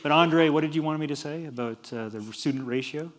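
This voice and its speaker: A man's voice: fairly high pitch, brisk. Joking man giving a lecture. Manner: joking, animated, laughs at his own jokes. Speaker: university lecturer. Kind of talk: humorous public lecture. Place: lecture hall.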